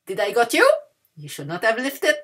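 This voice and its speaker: Husky woman teaching to children. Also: a little high, sing-song, moderate pace, fairly bright tone. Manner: patient, switches between English and French. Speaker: French teacher. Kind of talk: children's language lesson. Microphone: video lesson.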